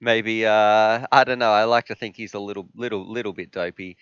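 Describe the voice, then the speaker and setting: A man's voice: medium pitch, moderate pace, fairly bright tone, clean tone, dry recording, dull audio. A man hosting a casual live stream, joking and bantering with chat.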